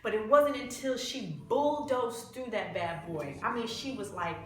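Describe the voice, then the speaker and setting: A young woman telling a heartfelt personal story, close to tears, moving between hushed and loud, pleading passages. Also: a little high, measured pace, very echoey, distant mic. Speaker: vlogger.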